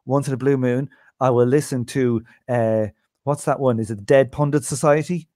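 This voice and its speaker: A man's voice: medium pitch, fairly even intonation, moderate pace, dark tone, dry recording, clean studio sound. An Irish man co-hosting a podcast, swearing freely and spinning anecdotes in casual chat. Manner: profane anecdotal storyteller. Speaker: podcast co-host.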